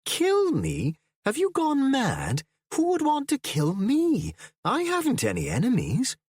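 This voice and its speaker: A man doing an elderly English professor with a refined, high, rising voice that climbs when he gets worked up. He sounds polite but quick to take offense and scoff. The voice is a little husky and dry. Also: wildly swooping pitch, darkish tone, no echo, full character voice. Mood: indignant. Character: older male English historian, indignant.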